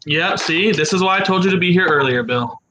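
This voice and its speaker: A man's voice: high-pitched, a little fast, sharp tone, poor audio. A man hosting a casual livestream chat with friends, rambling and repeating words as he talks. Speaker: livestream host.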